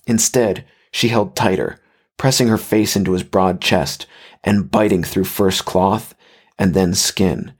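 A man reading a horror story aloud in measured, even scripted narration. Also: sits low, breathy edge.

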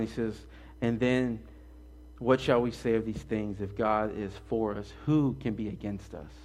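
A man preaching a sermon in a conversational way, mixing scripture with an animated personal story. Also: fairly low pitch, a little hiss or hum. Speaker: pastor.

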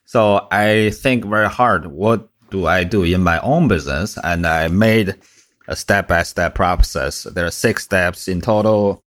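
A man with a Mandarin accent, a guest coach talking plainly and directly in a podcast interview, pausing on fillers. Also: deep voice, a bit bright. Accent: Mandarin Chinese.

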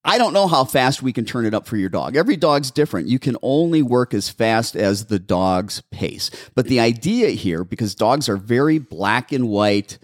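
A man hosting a pet-advice show as a dog behaviorist, giving animated, step-by-step training instructions in casual chat. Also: mid-range voice, moderate pace, hardly any pauses, dry recording, studio quality. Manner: animated, instructive, repeats steps. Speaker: dog behaviorist, podcast host.

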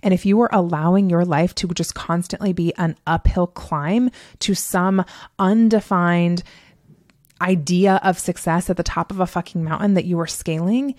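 A woman's voice: fairly low pitch, darkish tone, no echo, clean studio sound. A woman hosting a solo motivational podcast, talking candidly and emphatically, swearing freely and laughing often as she tells stories. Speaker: podcast host.

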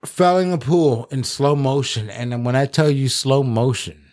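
A man's voice: medium pitch, moderate pace, a little mellow. A man holds forth on a casual podcast in an everyday mid-range voice. He tells a rambling story and swears constantly. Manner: profane, rambling anecdotes. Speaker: podcast co-host.

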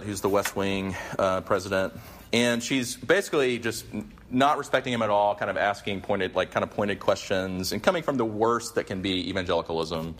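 Man preacher, low-ish voice, earnest and off-the-cuff, with fillers, restarts and a casual teaching tone. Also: fairly bright tone. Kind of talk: conversational sermon with prayer. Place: meeting room with a gathering.

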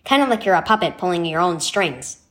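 A woman voicing a young boy who is quick-tempered but apologetic, in a read-aloud story. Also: on the low side, lively intonation, a bit bright, pitched below the performer's own voice. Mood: coaching. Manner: coaching, apologetic.

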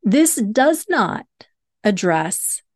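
A woman's voice: medium pitch, big pitch swings, drawn-out words, dry recording, clean studio sound. A woman hosting a solo self-help podcast, teaching earnestly and repeating key points for emphasis. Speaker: podcast host and hypnosis coach.

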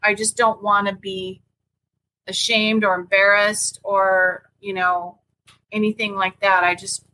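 A woman's voice: mid-range voice, level tone, measured pace, pushed and bright, poor audio. A woman co-hosting a podcast, earnestly telling a personal story in casual conversation. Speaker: podcast co-host.

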